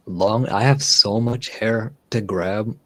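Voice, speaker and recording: Guy with a low voice chilling on his stream, rambly, keeps repeating himself. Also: takes it slowly. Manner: rambling, laughs easily, repeats words. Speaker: livestream host. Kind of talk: casual chat.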